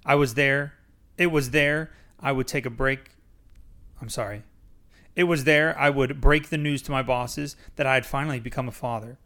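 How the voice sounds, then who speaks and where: A man's voice: mid-range voice, moderate pace, sharp tone. Young man, podcast guest, reads a memoir aloud with mock drama and jokey asides. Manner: reads dramatically, breaks off to laugh and joke. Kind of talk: casual reading aloud with asides.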